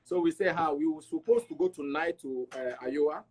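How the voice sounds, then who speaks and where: Middle-aged guy from togo, husky voice sitting a bit high, acts out every bit of his story. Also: fairly quick. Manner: animated, acts out dialogue with repeats. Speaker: interview guest. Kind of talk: animated storytelling.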